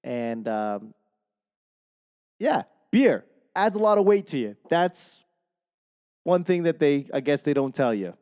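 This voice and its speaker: A man's voice: a little high, very animated, slow, long pauses, a little mellow, clean tone, in a large hall. A young man with a Boston accent, hosting a comedy podcast in a rambling, self-mocking monologue and swearing freely. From Boston, Massachusetts. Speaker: podcast host. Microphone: podcast microphone.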